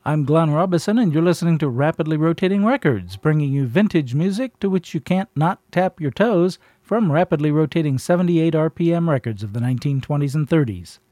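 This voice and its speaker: A man hosting a vintage record show in measured, scripted narration. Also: on the high side, mellow, dry recording, clean studio sound. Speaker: radio show host.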